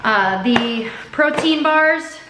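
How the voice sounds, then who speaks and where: A woman's voice: sits high, animated, very slow, echoey room, noisy background. A woman chatting casually to camera at home for her vlog, upbeat and rambling. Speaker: vlogger. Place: home indoors.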